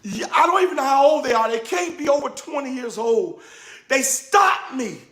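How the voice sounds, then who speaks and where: A man who is a pastor and show host, telling a personal story in an emphatic, preacherly way that builds to shouting. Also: very high-pitched, lively intonation, moderate pace, echoey room. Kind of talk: impassioned spoken testimony.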